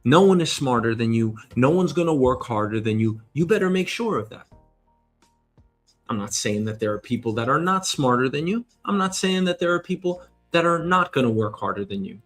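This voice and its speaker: A man hosting a show, giving an energetic motivational monologue, emphatic and casually swearing. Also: mid-range voice, brisk, soft background music. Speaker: show host.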